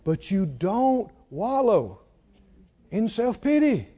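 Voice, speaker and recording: A man preaching a sermon, swinging between hushed warnings and hollered lines and acting out a tempter's whisper. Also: sits high, sing-song, slow, husky, muffled recording.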